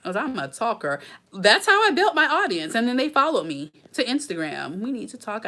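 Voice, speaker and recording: A woman's voice: fairly high pitch, pushed and bright. A woman, hosting a casual live Q&A and talking emphatically straight to her viewers. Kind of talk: casual live-stream chat.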